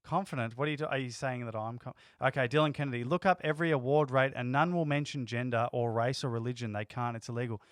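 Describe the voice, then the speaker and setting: A man's voice: medium pitch, steady tone, fast talker, few pauses, clean tone, no echo, studio quality. A man co-hosting a casual livestream chat, arguing his points emphatically. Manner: emphatic, argumentative. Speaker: livestream co-host.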